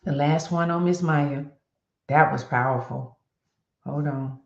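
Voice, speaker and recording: Lower-voiced woman vlog host, lively and conversational, recorded with muffled lo-fi sound. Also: slow. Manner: animated and chatty, addressing viewers as y'all. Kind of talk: casual motivational vlog talk. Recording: echoey room with dull lo-fi sound.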